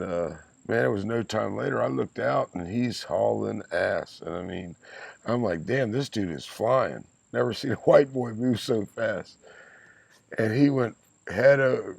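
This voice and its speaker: A low, gravelly older man in his sixties, talking close and dry into the mic. He tells lively stories with salty language and a chuckle in his voice, in a relaxed, casual chat. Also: unhurried, no room sound. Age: 60s. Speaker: podcast guest, host's father. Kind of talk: casual storytelling.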